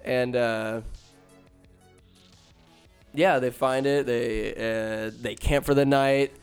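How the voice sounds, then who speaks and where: A man's voice: medium pitch, fairly even intonation, slow, clean tone, faint music behind. A man casually retelling a movie plot, rambling and joking with profane, slangy asides. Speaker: film recapper.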